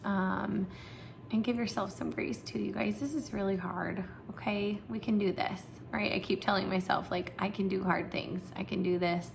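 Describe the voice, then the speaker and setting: Young woman, preschool teacher, creaky voice, chatty, encouraging, casual talk to parents. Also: medium pitch, fairly even intonation, moderate pace, noisy background. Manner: chatty, encouraging, many fillers.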